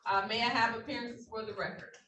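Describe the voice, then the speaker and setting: A woman's voice: a little high, steady tone, fast, bright, forceful tone. A woman judge running courtroom proceedings in a formal, patient, procedural manner over a video call. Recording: roomy, distant, faint noise.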